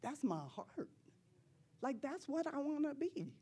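Animated woman preaching a testimony. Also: sits high, a little slow. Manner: animated and emphatic, laughing often between lines; casual, slangy preaching talk. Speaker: church speaker. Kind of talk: personal testimony sermon.

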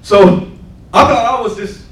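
A man's voice: very high voice, a little slow, a bit bright, reverberant, far from the mic, low-quality recording. A man preaching a sermon and telling his testimony, with conversational asides, often checking in with "right?". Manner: call-and-response asides, repeats "right?". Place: church sanctuary.

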